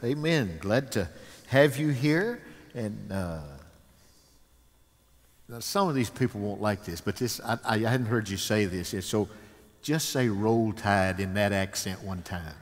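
Folksy pastor with hesitant "uh"s. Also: male voice, on the low side. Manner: folksy, with many "uh" pauses and "amen". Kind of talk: stage interview. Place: church sanctuary. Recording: long reverb of a large hall.

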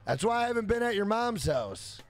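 A young man streaming a game, loud and brash, yelling and swearing as he answers his chat. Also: high voice, very animated, fairly quick, soft background music. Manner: loud, yells to be heard; brash and profane, reads chat aloud. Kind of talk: casual live-stream chat.

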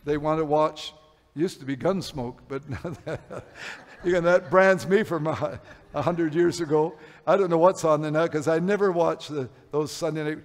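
An older man preaching a sermon, telling personal stories, rising loud then dropping low. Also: normal speed. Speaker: pastor. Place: church sanctuary. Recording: long hall reverb.

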